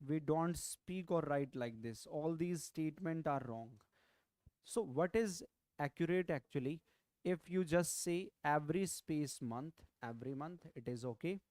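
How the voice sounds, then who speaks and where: Unhurried and fairly high-pitched with a slightly mellow tone, a man with an Indian English accent teaches vocabulary in an online exam-prep lecture on a dry recording. He tends to repeat key phrases and asks "right?" to check in.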